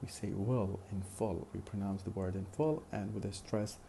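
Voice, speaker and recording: A man with a low, gravelly, mellow voice lectures on phonetics at a slow, careful pace. He repeats his example phrases and stops often on "uh" while he explains. A faint hiss of background noise sits under the recording.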